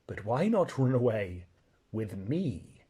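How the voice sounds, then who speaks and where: A man reading aloud, voicing a proud and blunt talking male horse who lectures in a brisk, scornful way. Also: on the low side, big pitch swings, dark tone, husky, pitched below the performer's own voice, full character voice. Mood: persuasive.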